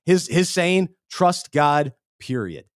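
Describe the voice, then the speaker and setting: A man's voice: on the high side, big pitch swings, slow pace, dry recording, clean studio sound. A middle-aged man co-hosting a faith-based podcast, talking earnestly and often restarting his words. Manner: earnest, self-interrupting, repeats words. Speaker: podcast co-host. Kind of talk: casual faith-based chat.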